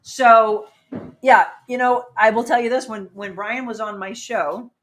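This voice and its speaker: A middle-aged woman hosting a casual livestream chat, talking quickly and laughing with people around her. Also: a little high, steady tone. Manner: chatty, laughing, quick asides to people in the room. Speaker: host.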